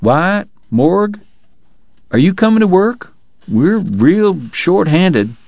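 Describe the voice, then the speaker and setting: A man's voice: high-pitched, very animated, slow, darkish tone, dry recording, highs cut off, voice pushed up, full character voice. A man doing an easygoing, drawling frontier man. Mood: casual.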